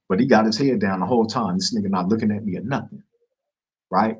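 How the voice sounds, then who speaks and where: A podcast host tells a story to camera in casual street slang, acting out the quotes in an animated retelling. His voice sits on the low side with a breathy edge, moving at a normal speed, and the audio is dull.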